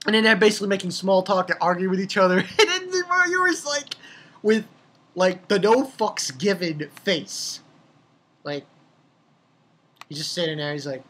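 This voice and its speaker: A young man casually reviewing a comic chapter, rambling and excitable, swearing freely and laughing at his own jokes. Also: sits high, normal speed, slightly rough. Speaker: manga reviewer.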